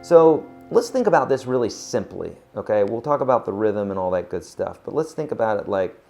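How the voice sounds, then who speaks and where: A man giving a casual acoustic guitar lesson, chatty and relaxed, counting beats aloud. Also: on the low side, a little fast, vocal fry. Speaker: guitar teacher. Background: acoustic guitar playing.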